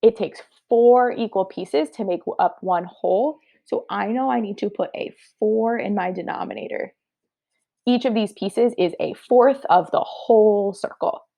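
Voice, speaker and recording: A woman's voice: medium pitch, measured pace, gravelly, warm tone. A woman teacher giving a third-grade math review lesson, upbeat and encouraging, talking through each step aloud.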